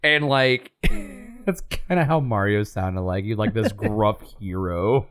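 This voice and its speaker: Male co-host, loose rambling chatter, medium-low voice. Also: takes it slowly, fairly bright tone. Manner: rambling, lots of "like", laughs mid-sentence. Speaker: podcast co-host. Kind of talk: casual chat.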